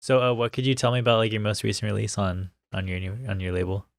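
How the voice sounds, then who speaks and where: Male interviewer, lowish voice, laid-back slang, dry close sound. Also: quick pace, creaky, dry recording. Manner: relaxed, slangy, lots of "like". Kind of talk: casual interview chat.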